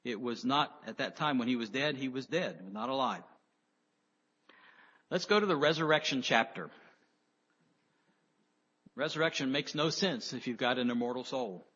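A man giving a sermon, reading scripture slowly with emphasis and then explaining it in a conversational way. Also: medium pitch, a bit bright, slightly rough. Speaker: preacher. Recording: dull lo-fi audio with long hall reverb.

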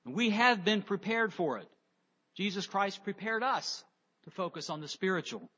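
A man preaching a sermon, emphatic, rising loud on key words and dropping low on others. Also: animated, moderate pace. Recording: dull lo-fi sound with long reverb.

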